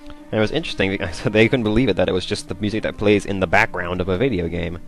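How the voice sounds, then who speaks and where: A young man chatting casually as he plays a video game, rambling and easily excited. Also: deep voice, fast talker, soft background music. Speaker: gameplay commentator. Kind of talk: casual let's play commentary.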